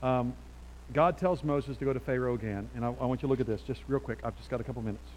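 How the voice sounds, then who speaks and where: A middle-aged man preaching a sermon as pastor, animated and chatty, dropping to quiet asides and then getting loud. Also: mid-range voice, fast talker, slight background noise, poor audio.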